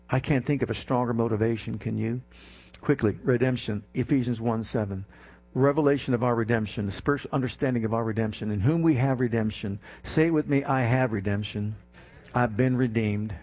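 Husky-voiced male preacher. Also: medium pitch, a little fast, a little mellow. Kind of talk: sermon.

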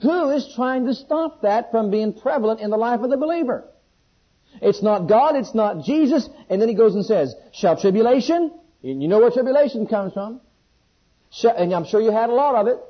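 A man preaching a sermon, shifting between loud, ringing scripture questions and hushed, intimate pleading, with questions put to the congregation. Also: very high-pitched, animated, moderate pace. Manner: call-and-response questions to the congregation. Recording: dull, lo-fi sermon recording.

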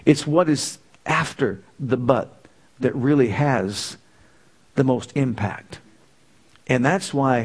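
A man's voice: medium pitch, a little mellow, breathy edge. A man preaching a sermon as pastor, stressing key words and calling out to the congregation.

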